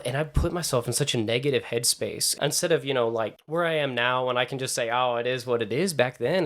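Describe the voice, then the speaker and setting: A young man from Texas, an actor being interviewed, chatting casually and acting out what people said to him, laughing often. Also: mid-range voice. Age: young adult. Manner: animated, re-enacts quoted people, laughs often. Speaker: actor and writer, interview guest.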